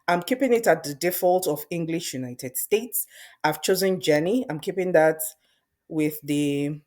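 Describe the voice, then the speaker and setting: Low-voiced woman talking through a software demo. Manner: conversational, thinks aloud with fillers and restarts. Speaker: presenter demonstrating software. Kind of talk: screen-recorded tutorial.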